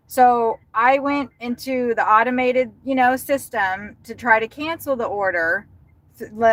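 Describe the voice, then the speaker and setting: A woman's voice: fairly high pitch, a bit bright, no echo. Frustrated woman delivery driver. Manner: frustrated, insistent, apologetic. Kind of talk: livestreamed phone call to support.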